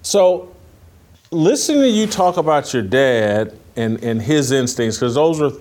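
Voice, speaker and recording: A man hosting an interview, asking questions in an earnest, animated way. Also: medium pitch, measured pace. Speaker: podcast host. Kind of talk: conversational interview.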